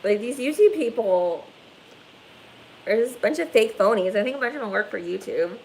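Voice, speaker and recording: A woman's voice: a little high, lively intonation, moderate pace, creaky, a little mellow, slight background noise, poor audio. A woman hosting a casual livestream from her phone, rambling and swearing, with lots of "like" fillers. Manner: rambling, profane, heavy "like" fillers. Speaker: livestream host.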